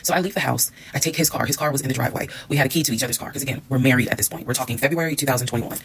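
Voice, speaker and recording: A woman's voice: rumbling low, very fast, a little hiss or hum, poor audio. A woman telling a personal story to her followers, candid and blunt, swearing and acting out what people said. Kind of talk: storytime monologue.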